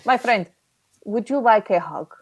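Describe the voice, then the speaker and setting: A woman voicing a big, affectionate motherly carnival woman who speaks gently and softly. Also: on the high side, expressive, a little hiss or hum. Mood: tender. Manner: slow, gentle, soft-spoken.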